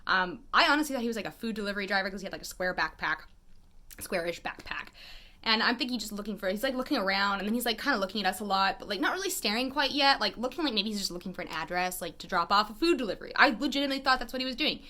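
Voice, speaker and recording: A woman speaking straight to camera in a casual storytelling vlog, her voice bright and clear at a middle pitch. She is animated and wry, with a chatty flow full of "like" fillers. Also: rapid-fire. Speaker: photographer and vlogger.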